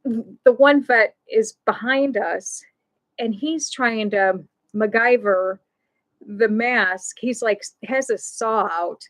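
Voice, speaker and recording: A woman hosting a live stream, telling a personal story in a halting way, often repeating words and restarting, laughing now and then through sad moments. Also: fairly high pitch, a bit bright, poor audio. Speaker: host.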